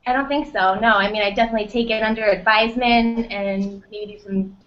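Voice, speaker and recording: Easygoing female podcast co-host, a bit high, dull audio. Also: fairly even intonation, a little fast. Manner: laughing, easygoing. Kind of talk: casual chat. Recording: muffled lo-fi audio.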